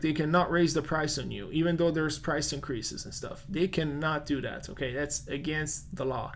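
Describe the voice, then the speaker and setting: A man's voice: on the high side, a little hiss or hum. A man with a non-native English accent, a real estate agent hosting a casual live-stream Q&A, chatty and full of fillers as he answers viewer comments.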